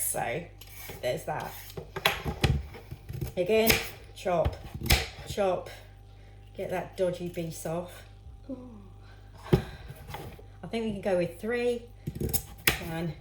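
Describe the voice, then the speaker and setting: At home in her kitchen, a woman with a lowish voice chats casually to herself and her viewers while chopping vegetables for a cooking vlog. The room is echoey, pans clatter, and there's noise in the background.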